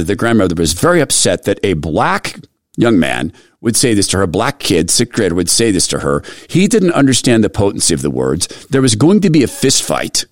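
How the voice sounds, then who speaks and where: A middle-aged male radio host telling a personal story in an animated way, often restarting his sentences. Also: mid-range voice, no room sound, clean studio sound. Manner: animated retelling with repeated restarts. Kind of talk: storytelling monologue.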